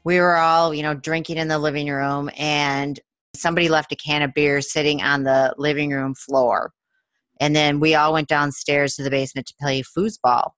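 A woman hosting a podcast, telling a story in a casual, animated way. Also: deep voice, moderate pace, smooth, dry recording, faint music behind. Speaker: podcast host.

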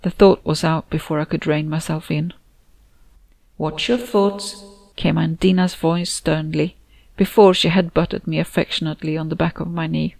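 A woman narrating her own novel in the first person, in a soft, low-key way, recorded on a close mic. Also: flat delivery, brisk, vocal fry, no echo, low-quality recording. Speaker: audiobook narrator and author.

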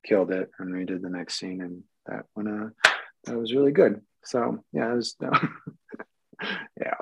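A man, an actor, telling a casual behind-the-scenes anecdote in an animated way and acting out the dialogue. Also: lowish voice, a little slow, vocal fry, muffled recording, a little hiss or hum. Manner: animated storyteller, acts out quoted dialogue. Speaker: actor guest.

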